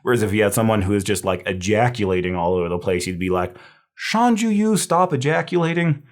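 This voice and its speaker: A man's voice: sits low, flat delivery, fast talker. A man lecturing on herbal medicine in a casual, thinking-aloud way, with fillers and restarts. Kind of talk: recorded review lecture.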